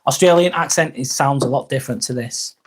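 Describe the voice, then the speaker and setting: A middle-aged man with an English accent chats briskly on a live stream in a medium-pitched, slightly rough voice. He's candid and rambling, reading viewer comments aloud as he goes.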